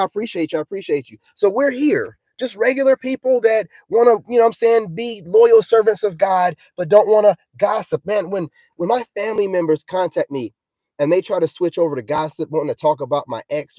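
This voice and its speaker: A man's voice: sits high, dark tone, no room sound. A young adult man ranting in a combative, preachy vlog monologue, repeating himself and often asking "you know what I'm saying". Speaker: self-styled spiritual vlogger.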